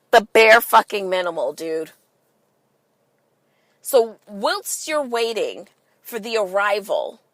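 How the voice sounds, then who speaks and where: Woman podcast host just talking, slow and drawn out, cusses a lot, keeps asking the listeners stuff, dry close mic. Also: mid-range voice, no room sound. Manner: emphatic, swears freely, asks listeners rhetorical questions. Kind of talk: casual podcast monologue.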